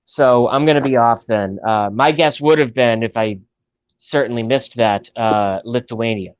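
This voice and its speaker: A man's voice: medium pitch, measured pace, smooth, dry recording. A man in his thirties from the United States, rambling and explaining at length with fillers in a casual chat. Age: 30s. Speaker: chat guest. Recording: dull lo-fi dry sound.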